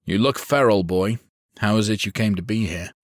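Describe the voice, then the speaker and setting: A man's voice: lowish voice, moderate pace, no room sound, clean studio sound, close to an everyday voice. A man doing a commanding arrogant official. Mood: stern. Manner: commanding, barking orders. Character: arrogant, forceful male official turned outlaw.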